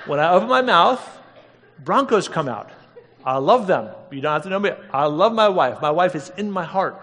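A man preaching to an audience as an animated storyteller, firing off rhetorical questions and laughing at his own stories. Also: a little high. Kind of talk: storytelling sermon. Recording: long reverb of a big hall.

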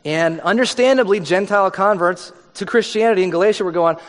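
Joking pastor preaching in a reverberant hall. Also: male voice, sits high, a little fast, hardly any pauses. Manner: conversational and joking, acts out quoted voices. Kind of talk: sermon. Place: church hall. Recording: long reverb of a large hall.

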